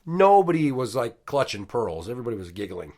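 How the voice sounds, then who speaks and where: A man in his thirties, a podcast host, tells a story at home in a medium-pitched voice at a slightly quick pace. He swears a lot, stays animated, and acts out the quotes in this casual storytelling.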